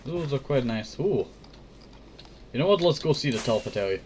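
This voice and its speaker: A man's voice: medium pitch, lively intonation, normal speed, darkish tone. Man hosting a gameplay video, sick and coughing, rambling chatty delivery, faint noise behind. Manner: rambling, keeps saying "I tell you". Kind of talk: casual gameplay commentary.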